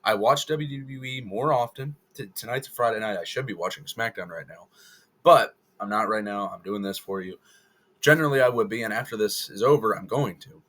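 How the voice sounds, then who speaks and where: A man's voice: lowish voice, a little fast, fairly bright tone. A man giving casual opinion commentary to the camera, rambling and correcting himself as he goes. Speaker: wrestling video creator.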